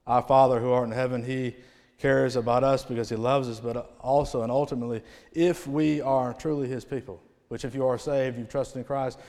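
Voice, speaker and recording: Guy preaching at a revival, gets loud then drops real quiet at the ends, long echo in the church. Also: mid-range voice. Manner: swings from loud proclamation to hushed, dropping phrase endings. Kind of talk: sermon. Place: church sanctuary. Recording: long hall reverb.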